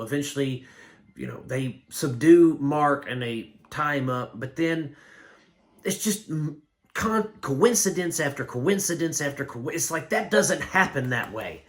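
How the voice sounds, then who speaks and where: A man giving a casual spoken film review, blunt and rambling, with animated complaints. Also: on the high side. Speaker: movie reviewer.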